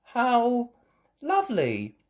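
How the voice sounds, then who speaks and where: A woman voicing a kind, gentle mother pig who speaks sweetly and soothingly. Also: fairly high pitch, wildly swooping pitch, slow pace, voice pushed up, exaggerated voice.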